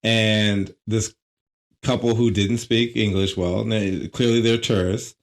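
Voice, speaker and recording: A man's voice: lowish voice, level tone, a little slow. A man co-hosting a comedy podcast, telling everyday stories in a laid-back, casual way. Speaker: podcast co-host.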